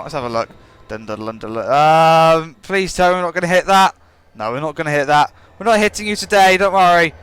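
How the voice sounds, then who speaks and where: A man's voice: fairly high pitch, a bit bright, a little hiss or hum. A young man giving rambling, playful commentary over gameplay, joking at his own expense. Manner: rambling, playful, self-mocking. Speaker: gaming channel host.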